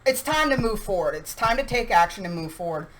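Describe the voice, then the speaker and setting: A woman giving a casual tarot reading straight to her viewers in a chatty, animated way. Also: medium pitch, fairly quick, poor audio. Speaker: tarot reader.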